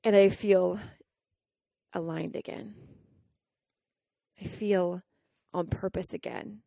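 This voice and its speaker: A woman's voice: on the low side, fairly even intonation, slow, vocal fry, mellow, no room sound, studio quality. A woman from Colorado hosting a podcast, telling a personal story in a candid, emotional way, with fillers and restarts. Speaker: podcast host.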